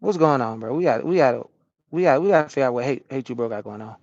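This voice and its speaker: A man who drives a truck, chatting casually with his stream chat from his cab and answering questions out loud in loose slang. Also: medium pitch, animated, fast, dry recording, muffled recording. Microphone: small camera-mounted microphone.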